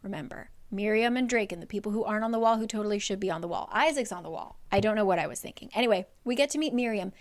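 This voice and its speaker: A woman's voice: mid-range voice, racing, few pauses. A woman giving a casual, chatty recap of a book's plot, peppered with "like" and the odd swear word. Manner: chatty, swearing, heavy use of "like". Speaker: book recap creator.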